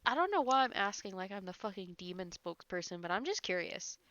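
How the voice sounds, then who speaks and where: A woman's voice: medium pitch, very animated, quick pace, fairly bright tone, dry recording, muffled recording. Teasing, foul-mouthed woman streamer. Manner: teasing, profane, rambling. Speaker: livestreamer reading chat. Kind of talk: casual chat.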